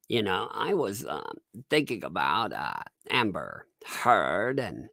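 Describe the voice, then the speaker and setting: A man's voice: fairly low pitch, huge pitch swings, slow, vocal fry, pushed and bright, dry recording, studio quality. A man hosting a casual livestream, rambling and laughing often. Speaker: livestream host.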